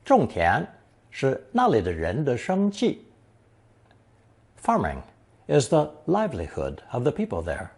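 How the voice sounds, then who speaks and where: A man narrating a scripted language lesson, slowly reading example sentences and then translating each one. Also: medium pitch, wildly swooping pitch, gravelly, darkish tone, breathy edge. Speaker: language teacher.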